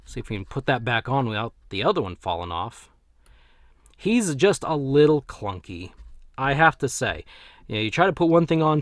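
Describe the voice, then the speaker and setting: A man's voice: mid-range voice, fairly bright tone, no room sound, studio quality. Rambling man reviewing toys. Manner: rambling, self-correcting, chuckles to himself. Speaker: toy reviewer. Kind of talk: casual action figure review.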